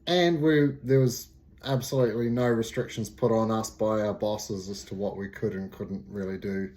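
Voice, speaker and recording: A man's voice: on the low side, steady tone, moderate pace, a little mellow. A middle-aged man from New Zealand, a martial arts instructor, talking casually to camera, nasal from a cold and rambling with many fillers.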